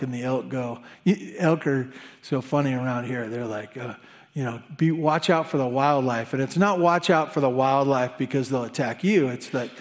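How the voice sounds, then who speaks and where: A man preaching a sermon as pastor, animated and conversational, with humorous asides. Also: medium pitch.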